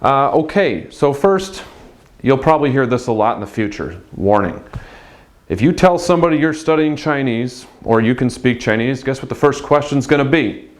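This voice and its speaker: A man's voice: mid-range voice, lively intonation, moderate pace. A man teaching a casual language lesson on video, patiently drawing out example phrases for learners to repeat.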